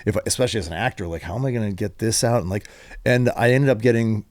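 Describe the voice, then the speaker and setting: A man's voice: fairly low pitch, quick pace, darkish tone, no echo. A middle-aged man hosting a podcast, talking candidly in casual chat and swearing easily. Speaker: podcast host.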